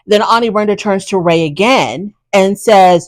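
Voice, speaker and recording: A woman's voice: mid-range voice, measured pace, dry recording, low-quality recording. A woman hosting a casual TV recap, chatty and opinionated with sassy asides. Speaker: reality TV recap host.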